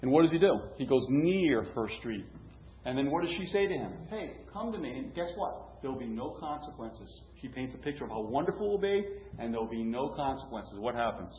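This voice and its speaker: A man's voice: mid-range voice, expressive, a little fast. A man preaching a sermon in a conversational way, asking rhetorical questions and restarting phrases. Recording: roomy, dull, lo-fi with faint hum.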